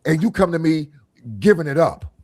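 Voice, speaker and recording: A man's voice: fairly high pitch, moderate pace. A man hosting a casual group talk show, telling vivid stories in analogies and acting out what others say. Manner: animated storyteller, acts out quoted voices, laughs often; speaks in analogies, repeats phrases. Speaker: podcast host.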